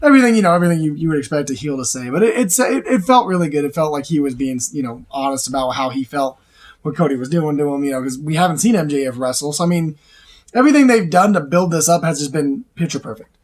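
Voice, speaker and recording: A man hosting a casual chat, excitable and rambling, laughing often and restarting his sentences. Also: fairly high pitch, quick pace. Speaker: show host.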